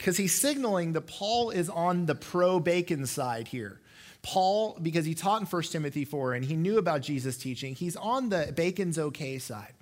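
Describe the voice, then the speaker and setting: A man in his thirties preaching a sermon, a father of four, telling animated stories from home and acting out the quotes. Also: fairly high pitch. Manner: animated storytelling, acts out quotes. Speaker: pastor. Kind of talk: sermon with family anecdotes.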